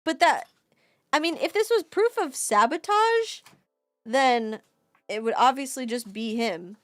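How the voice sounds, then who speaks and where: A woman streamer giving live game commentary, excitable, swinging from muttering to shouting and swearing freely. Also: sits high, unhurried, faint music behind.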